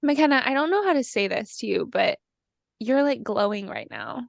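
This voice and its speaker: A woman's voice: fairly high pitch, very animated, moderate pace, vocal fry, no echo, dull audio. A young woman co-hosting a podcast, chatting casually and laughing easily over a video call from her parents' house. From California. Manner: chatty and giggly, fond of filler words. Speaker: podcast co-host. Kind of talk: casual chat.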